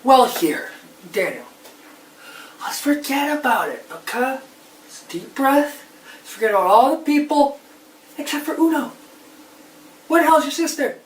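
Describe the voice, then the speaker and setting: A man voicing a brash, hot-headed guy who talks loudly, recorded in a roomy space away from the mic. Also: extremely high pitch, big pitch swings, unhurried, long pauses, recorded from a distance, full character voice. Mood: ranting.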